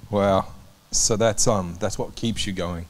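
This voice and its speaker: A man's voice: on the low side, fairly even intonation, measured pace, a little hiss or hum. An Australian man hosting a church interview, asking long rambling questions with restarts and chiming in with affirmations.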